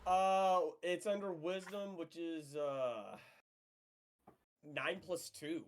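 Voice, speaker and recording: A player in a tabletop game who talks slowly. Jokes crudely and laughs at their own bad luck. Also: medium pitch. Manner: joking, crude, laughs at self. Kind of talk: casual tabletop play over voice chat.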